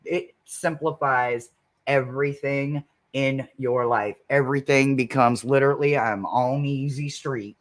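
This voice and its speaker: A woman from the St. Louis area, a psychic reader hosting her channel, telling an excitable, rambling story with laughs and the odd curse word. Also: rumbling low, a little slow. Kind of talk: casual storytelling on a livestream.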